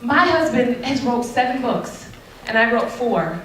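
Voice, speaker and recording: A woman giving a candid, sassy talk about relationships to an audience, animated and often laughing. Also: fairly high pitch, measured pace. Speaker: speaker addressing an audience. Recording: very echoey, mic far off.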